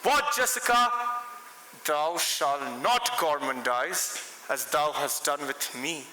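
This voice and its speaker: A man's voice: a little high, slow, sharp tone. A young man playing a miserly old moneylender in a stage play, scolding and calling out sharply. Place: large school hall, stage. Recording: echoey large hall, faint hiss.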